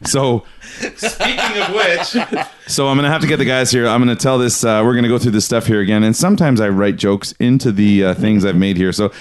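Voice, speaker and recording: A man's voice: fairly low pitch, fast talker, hardly any pauses, clear, resonant tone. A young man from Canada hosting a casual conspiracy podcast, rambling through his notes with restarts and frequent laughs. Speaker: podcast host.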